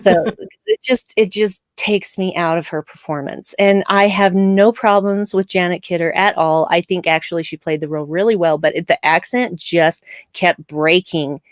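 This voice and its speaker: A woman hosting a live discussion show, giving opinionated, animated takes with laughing asides. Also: fairly low pitch, moderate pace, dry recording, studio quality. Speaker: show host.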